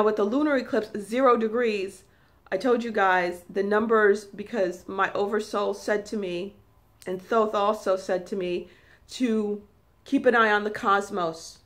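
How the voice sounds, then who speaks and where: A woman with a New York accent giving an emphatic spiritual talk, repeating herself and rising into high, forceful tones. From New York City. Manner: emphatic, repetitive, high-pitched bursts. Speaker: spiritual channel host.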